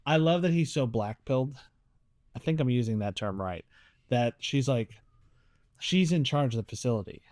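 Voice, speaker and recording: Animated man reviewing a series. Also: mid-range voice, normal speed, long pauses, no room sound, studio quality. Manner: animated, acts out characters' lines. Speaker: podcast co-host. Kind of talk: casual chat reviewing a series.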